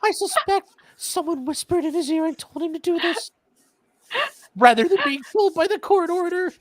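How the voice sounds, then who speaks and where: A man's voice: moderate pace, no echo. A man doing a comic impression of a whiny, weepy grown man who reads a statement as if choking back tears. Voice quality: whiny, high and nasal. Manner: overdone self-pity, choking back tears. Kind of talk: comic impression on a live stream.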